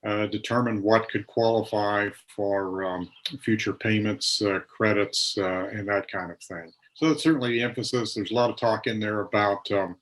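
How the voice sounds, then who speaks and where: A man's voice: on the low side, steady tone, moderate pace, fairly bright tone. A man reporting on agricultural policy in a news discussion, hesitant with many fillers and restarts.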